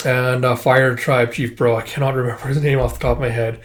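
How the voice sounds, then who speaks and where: A man casually recapping a manga volume, retelling the dialogue in a relaxed way. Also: medium pitch, fairly quick, few pauses. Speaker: manga reviewer.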